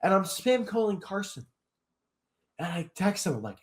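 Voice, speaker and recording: A young man with a slightly high voice tells a story as an interview guest, rambling and leaning on fillers. The recording is roomy, with a clear echo off the walls. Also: sing-song, moderate pace. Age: young adult. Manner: rambling, heavy on fillers like "basically". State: eye still hurting after an attack. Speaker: guest commentator. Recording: roomy echoey room.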